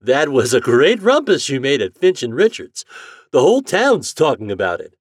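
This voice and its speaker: A man voicing a well-dressed gentleman who talks briskly and persuasively. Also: medium pitch, wildly swooping pitch, dry recording, clean studio sound, voice pushed up.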